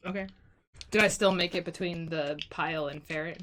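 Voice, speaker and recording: Woman player, lowish voice, casual questions, tabletop game. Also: steady tone, fairly quick, fairly bright tone, a little hiss or hum. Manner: casual, asks questions about her turn.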